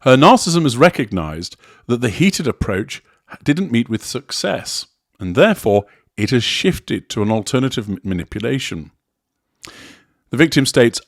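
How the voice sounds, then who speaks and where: A man giving a measured, deliberate analytical commentary, explaining a recorded interaction step by step. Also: medium pitch, very animated, dry recording, studio quality. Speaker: commentator on narcissism.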